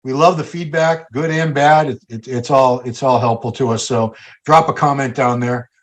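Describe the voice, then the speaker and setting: A man's voice: mid-range voice, fairly even intonation, normal speed. An American man hosting a casual podcast, chatting in an upbeat, talkative way. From United States. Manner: upbeat, chatty sign-off patter. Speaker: host.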